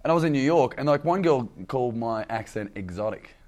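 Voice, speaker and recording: A man's voice: mid-range voice, animated, fairly quick, a little mellow, a little hiss or hum. A man from Australia with an Australian accent, a comedian guest telling self-mocking stories in casual comedic chat and laughing often.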